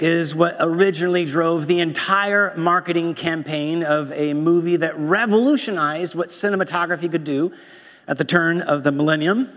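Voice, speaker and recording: A man's voice: on the high side, a bit bright. A male pastor delivering a sermon in a wry, conversational way, quoting lines from films. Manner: wry, conversational preaching with quoted movie lines. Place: church sanctuary. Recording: long church reverb.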